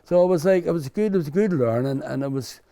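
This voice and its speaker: Speaking fast in a slightly high, creaky, mellow voice, an older man from Belfast tells his story as an interview guest in his Belfast accent. He rambles candidly, restarts often, and leans on "you know."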